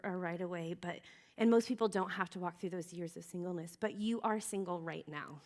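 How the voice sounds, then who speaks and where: A woman's voice: mid-range voice, a bit bright. A woman in her thirties speaking to teenage girls at a youth gathering, sharing her own story in an earnest, chatty way, full of fillers and restarts and close to tears at times. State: emotional. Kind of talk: personal testimony talk.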